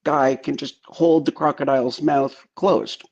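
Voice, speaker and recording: Gravelly guy rambling through stories on a political stream, muffled lo-fi call audio. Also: mid-range voice, fairly even intonation, a little mellow. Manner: rambling, halting, anecdotal. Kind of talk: political live-stream talk.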